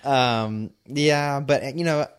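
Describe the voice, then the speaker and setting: Chill guy talking straight, says like a lot, average pitch. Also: slow pace, clear, resonant tone. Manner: relaxed, frank, sprinkled with "like". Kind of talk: casual chat.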